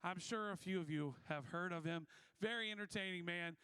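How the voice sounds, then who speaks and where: A man's voice: high-pitched, brisk, sharp tone, clear, resonant tone, no echo. A man moderating a convention panel, introducing the next guest in an upbeat, earnest way.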